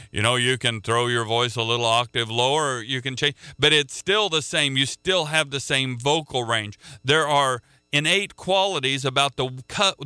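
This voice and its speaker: Bright, crisp-voiced male preacher. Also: mid-range voice, no echo, studio quality. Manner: earnest, repeats words as he restarts. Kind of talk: sermon.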